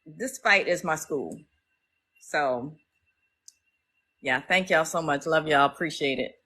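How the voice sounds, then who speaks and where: A woman's voice: low voice, slow, sharp tone, husky, low-quality recording. A middle-aged woman, hosting a casual livestream and talking emotionally to her viewers. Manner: emotional, talks straight to viewers as y'all. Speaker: livestream host.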